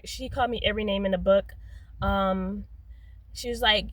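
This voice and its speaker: Young woman, casual storytime vlogger, rambling and halting, middle-pitched voice. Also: sharp tone, low-quality recording. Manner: rambling, full of "like" and "um", self-censoring curses.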